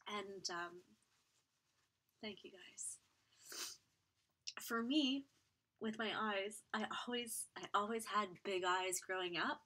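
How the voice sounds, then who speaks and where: A young woman from Quebec telling her own health story candidly on a live stream, with fillers and halting restarts. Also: mid-range voice, bright, forceful tone. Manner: candid, halting, many fillers, reads viewer comments aloud. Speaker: beauty vlogger and live streamer.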